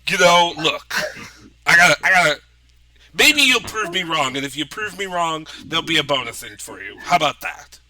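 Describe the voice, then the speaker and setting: A man's voice: on the high side, expressive, sharp tone, dry recording. A man doing a pushy, harried recruiter. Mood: haggling. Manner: hurried, haggling, blunt.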